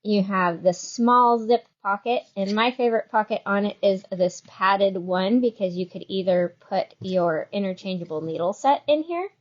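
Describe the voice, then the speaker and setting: A woman hosting a yarn shop's live show, chatting casually and walking through products with quick, rambling asides. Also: mid-range voice, muffled recording. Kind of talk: casual chat with product demo.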